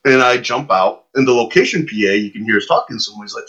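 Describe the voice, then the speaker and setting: A man's voice: medium pitch, fast, husky. A man telling a long casual anecdote as a podcast guest, acting out the lines of the people in his story. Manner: animated storyteller, acts out his own lines. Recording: muffled lo-fi podcast audio.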